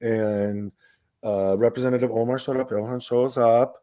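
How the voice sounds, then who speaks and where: A man co-hosting a radio talk show, telling lively stories and acting out quoted voices, often laughing. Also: medium pitch, moderate pace, no room sound. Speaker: radio show co-host, former city council member. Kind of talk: casual storytelling radio conversation.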